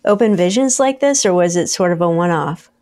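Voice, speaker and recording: A woman's voice: fairly low pitch, expressive, a little fast, a little mellow. Attentive female podcast host. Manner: attentive, frequent short affirmations. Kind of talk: interviewing on a podcast.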